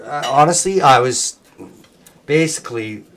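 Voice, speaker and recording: A man's voice: a little high, animated, unhurried, fairly bright tone, slight background noise. A man hosting a livestream, chatting in a rambling, joking, heavily profane way. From Cape Breton, Canada. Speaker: livestream host. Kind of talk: casual party chat.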